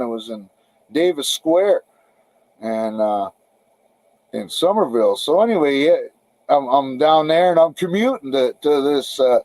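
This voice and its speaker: A middle-aged podcast guest spins a loose, profane story, stumbling over restarts as he goes. His voice sits a bit high for a man, and the recording is close and dry. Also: a little mellow, dry recording, poor audio. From Canada. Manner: rambling, profane, frequent restarts. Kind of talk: casual storytelling interview.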